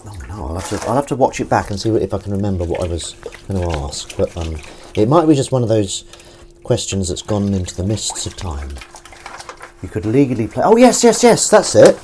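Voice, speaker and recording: A man's voice: fairly low pitch, a little fast, warm tone, a little hiss or hum. A man streaming live while washing up at home, chatting casually and rambling as he reads viewer comments aloud and swears now and then. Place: home kitchen, washing up at the sink.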